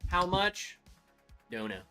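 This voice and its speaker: A man's voice: sits high, big pitch swings, takes it slowly, bright, forceful tone, clean tone, soft background music. A man hosting a casual live stream, chatty and upbeat, greeting viewers by name as he talks. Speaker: livestream host reviewing whiskey.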